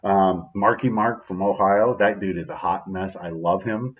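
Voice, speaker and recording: A man with a very low voice talks his way through a daily motivational video in a relaxed, heartfelt manner. He sounds upbeat and sincere, and he keeps checking in with "right?" as he goes. The recording is a little dull and lo-fi. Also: measured pace. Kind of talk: casual spoken reflection.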